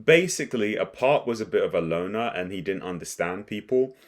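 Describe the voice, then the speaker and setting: A young man casually recapping and reacting to an anime episode, rambling and excitable with frequent restarts. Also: on the low side, fairly quick. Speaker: anime commentator.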